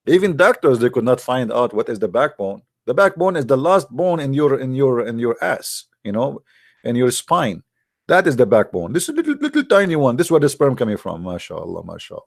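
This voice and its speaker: A man's voice: medium pitch, big pitch swings, fairly quick, no room sound, studio quality. A man delivering a mocking, sarcastic monologue to viewers in broken, non-native English. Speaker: online commentator.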